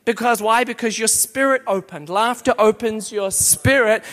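A man preaching a lively sermon, playful and exclamatory, often breaking into laughter. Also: sits high, moderate pace, hardly any pauses.

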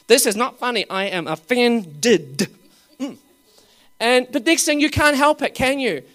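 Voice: medium pitch, clear, resonant tone. A preacher giving a humorous sermon, asking the crowd questions and laughing often. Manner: swings between loud exclaiming and dropping to quiet asides.

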